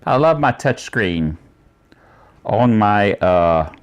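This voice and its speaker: A man's voice: lowish voice, animated, slow, smooth, dull audio. A man hosting a casual tech news show, talking in a rambling, chatty way with many asides.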